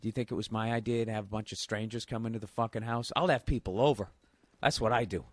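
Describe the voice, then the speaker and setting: A man's voice: lowish voice, steady tone, quick pace, dry recording. A man in his forties telling a comic story in a profane, exasperated rant. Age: 40s. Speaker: comedian. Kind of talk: comedic storytelling monologue.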